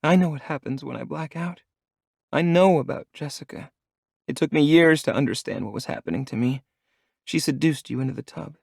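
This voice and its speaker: A man's voice: on the high side, brisk, creaky, dry recording, clean studio sound, voice pushed up. A male narrator voicing a frightened, timid young woman who speaks in a trembling, pleading voice in an audiobook. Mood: shaken.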